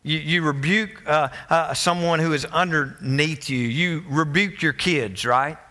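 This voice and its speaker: A man delivering a sermon to his congregation, his voice bright and forward. He sits slightly above the usual male pitch and builds in bursts of emphasis, stumbling into quick restarts as he presses his point. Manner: emphatic, rising to excited peaks, with stammered restarts. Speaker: pastor.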